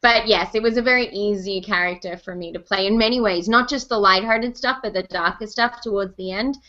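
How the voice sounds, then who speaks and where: A woman, a voice actor and host, telling stories in a chatty, animated way during an interview over a video call. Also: medium pitch, highs cut off. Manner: chatty, animated storyteller, quick laughs. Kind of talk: casual interview chat.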